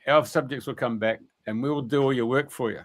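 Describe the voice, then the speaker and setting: A man voicing a commanding male elf king, brisk and bargaining. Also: mid-range voice, steady tone, close to an everyday voice.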